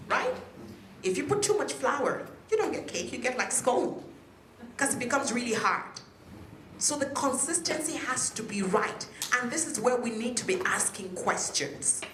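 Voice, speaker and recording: Speaking in a slightly high voice, a woman poses questions to her audience during a speech at a peace event. It's recorded in an echoey hotel function room with background noise.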